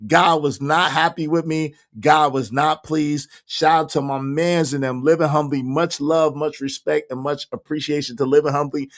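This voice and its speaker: A hoarse man, hosting a casual livestream and shouting out his viewers by name. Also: fairly high pitch, fairly even intonation, moderate pace, few pauses. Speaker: livestream host reading chat.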